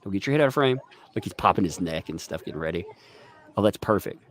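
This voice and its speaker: A man's voice: sits low, quick pace. A man hosting a live stream, joking and commentating casually while reading viewer messages aloud. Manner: joking, animated, reads chat aloud. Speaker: livestream host.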